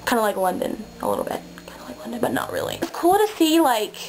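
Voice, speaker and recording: A woman's voice: fairly high pitch, huge pitch swings, fast, creaky, rough recording. A young woman giving casual, gushing feedback on contest entries, full of "like" fillers and sometimes dropping to a whisper. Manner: chatty and gushing, many "like" fillers, drops into whispers. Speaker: video contest host. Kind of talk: casual chat.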